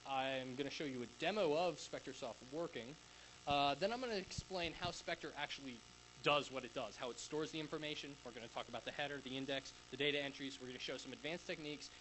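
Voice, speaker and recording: A man's voice: fairly high pitch, a bit bright, slight background noise, rough recording. Young man rambling through a tech talk. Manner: rambling and informal, with many fillers and restarts. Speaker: conference speaker. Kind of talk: casual tech conference talk. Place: conference room with live audience.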